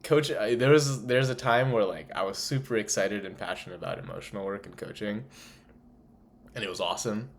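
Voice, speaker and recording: A man giving an excited, rambling vlog update with emphatic bursts. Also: on the low side, fairly quick. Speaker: vlogger. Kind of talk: casual monologue.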